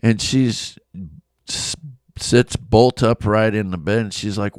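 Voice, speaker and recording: A man preaching a devotional Bible talk as a pastor, telling a personal story with animated energy and frequent chuckles. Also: fairly low pitch, unhurried, clean tone, no room sound.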